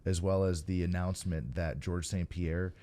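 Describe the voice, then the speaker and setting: Deep, mellow-voiced man hosting a podcast. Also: moderate pace. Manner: relaxed, opinionated, many fillers and stammered starts. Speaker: podcast host. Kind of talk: casual chat.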